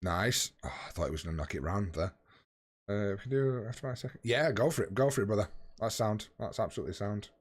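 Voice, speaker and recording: A man's voice: on the low side, expressive, fast. A man in his late thirties live-streaming a game, chatting casually and swearing freely with his viewers while tired and yawning. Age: 30s. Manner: swears freely, bantering with chat.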